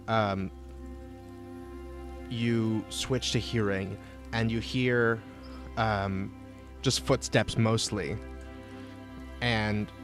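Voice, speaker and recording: A man narrating a tabletop game as game master, pausing often with fillers. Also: fairly low pitch. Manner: halting, with many fillers.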